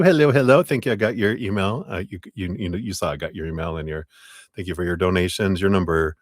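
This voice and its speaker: A man hosting a live tarot stream, greeting viewers by name, laughing often and muttering quiet asides. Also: sits low, no room sound, clean studio sound. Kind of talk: casual live-stream chat.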